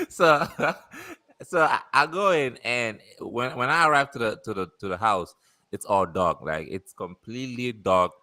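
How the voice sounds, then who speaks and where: A man casually telling an animated story about a delivery, laughing and swearing as he goes. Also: on the low side, slow, dry recording. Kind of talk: casual chat.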